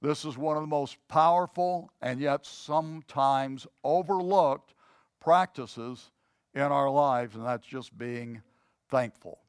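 A man's voice: medium pitch, slow, clear, resonant tone, dry recording, studio quality. A man preaching a sermon in a casual, conversational way, with frequent fillers and restarts as he tells a story. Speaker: pastor. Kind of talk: sermon with a told joke story.

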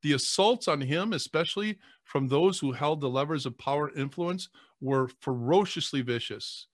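An earnest priest talks on a podcast in an emotional conversation, choking back tears and stumbling over his words when moved. His voice sits on the high side at a normal speed, captured with a dry, close sound.

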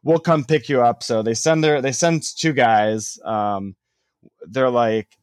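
A man's voice: mid-range voice, slow pace, dry recording, studio quality. A young man telling a long story in casual chat, rambling with lots of "like" and casual swearing.

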